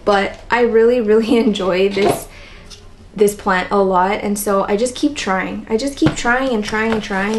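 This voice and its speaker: A woman with a raspy, tired voice and constant vocal fry, chatting casually in a plant vlog. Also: medium pitch, slight background noise, rough recording. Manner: chatty, rambling, lots of "like". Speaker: plant vlogger. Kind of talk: casual chat while potting plants.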